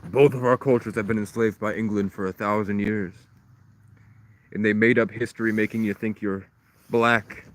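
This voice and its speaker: A man's voice: on the low side, steady tone, normal speed. A man from Vermont, rambling on a live stream and jumping between wild claims. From Vermont, USA. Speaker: livestreamer.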